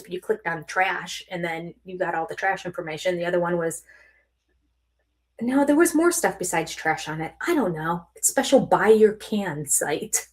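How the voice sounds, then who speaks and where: An older woman with a lowish voice tells stories in a casual vlog, chatty and animated. She acts out both sides of phone calls, laughs along the way, and sometimes drops to a near-whisper.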